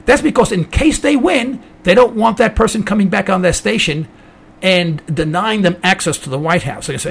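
Male American talk-radio host, opinionated monologue, high raspy gravelly voice. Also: normal speed. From United States. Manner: indignant, ranting, mocking quoted voices.

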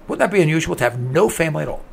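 A man with a fairly high, gravelly voice rants to his listeners as a talk host. His pitch swings widely and his tone is husky as he fires off rhetorical questions and repeats his points with mounting indignation. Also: expressive, very fast. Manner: indignant, ranting, repeats himself. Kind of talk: opinionated monologue.

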